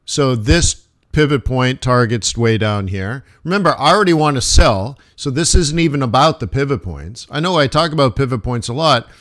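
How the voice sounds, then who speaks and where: A man's voice: mid-range voice, expressive, normal speed, fairly bright tone. A man hosting a live forex trading stream, talking through charts in a casual, rambling way with joking asides.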